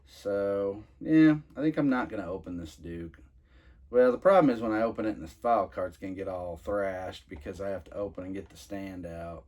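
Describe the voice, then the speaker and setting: Low-voiced man rambling through a toy review. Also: normal speed, darkish tone. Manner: rambling, many fillers and restarts. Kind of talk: casual unboxing review.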